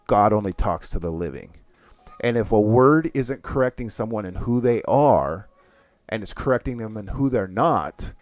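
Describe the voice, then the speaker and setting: A man's voice: on the low side, no room sound. A man giving a conversational Christian teaching, speaking earnestly to his listeners as "guys" and often restarting his phrases.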